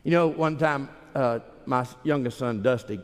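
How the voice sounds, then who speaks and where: A man's voice: mid-range voice, normal speed. Folksy preacher man in a reverberant hall. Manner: folksy, emphatic, acts out quoted voices. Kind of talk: sermon storytelling.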